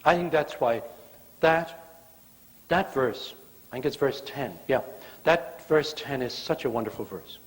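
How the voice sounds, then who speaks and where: Lively preacher man in a reverberant church. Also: medium pitch, measured pace, long pauses. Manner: storytelling with playful, acted-out quotes. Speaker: guest preacher. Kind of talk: sermon. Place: church sanctuary.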